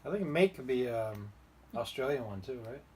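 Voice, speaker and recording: A man's voice: mid-range voice, expressive, moderate pace, a little mellow. A man co-hosting a podcast in casual chat, dropping dry, short quips. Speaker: podcast co-host. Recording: noisy recording with clicks.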